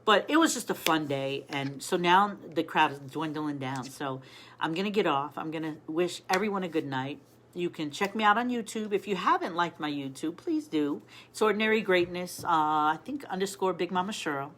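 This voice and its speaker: A woman's voice: lowish voice, animated, moderate pace, a bit bright, slight background noise. A middle-aged woman hosting a casual live stream, chatting and telling stories while greeting viewers by name.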